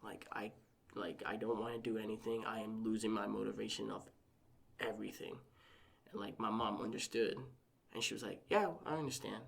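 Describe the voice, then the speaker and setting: On a casual podcast, a young adult male guest rambles through a personal story, leaning heavily on "like" and acting out his family's lines. His voice is fairly low, monotone and creaky with a slightly bright edge, at a normal speed.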